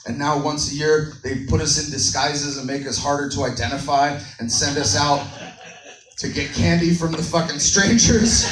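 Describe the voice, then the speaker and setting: A man with a Texan accent doing a stand-up comedy set, telling stories deadpan with sudden shouted bits. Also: a little high. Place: comedy club stage. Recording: roomy club sound from far off, audience noise.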